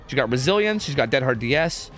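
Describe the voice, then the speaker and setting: A man's voice: mid-range voice, expressive, fast talker, a bit bright. A young man casting a game match live on stream, chatty and full of fillers, reading chat as he goes. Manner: chatty, many fillers, reads chat aloud. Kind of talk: casual live commentary. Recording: faint music behind.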